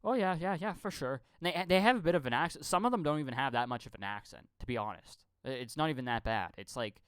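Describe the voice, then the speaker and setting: A man's voice: medium pitch, animated, fast talker, fairly bright tone, clear, resonant tone, dry recording. A man rambling through a profane live-stream rant, stammering and repeating his words. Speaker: channel host.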